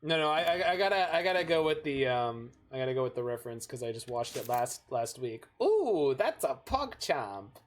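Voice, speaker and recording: A man's voice: medium pitch, steady tone, quick pace, hardly any pauses, a little hiss or hum. A man from Canada chatting casually while he plays a card game on stream and thinks aloud. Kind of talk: casual gameplay chat.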